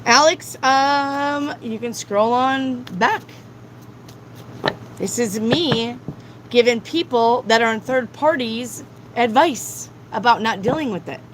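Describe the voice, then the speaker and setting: A woman reading tarot live who lectures her viewers bluntly and swears freely. Her voice sits a little high, and she talks slowly and deliberately. Faint vehicle noise sounds in the background. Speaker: tarot reader.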